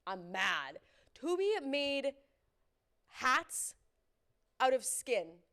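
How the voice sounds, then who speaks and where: A young woman from Canada co-hosting a sports podcast in casual chat, talking quickly with lots of asides. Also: high-pitched, sing-song, sharp tone. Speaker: podcast co-host.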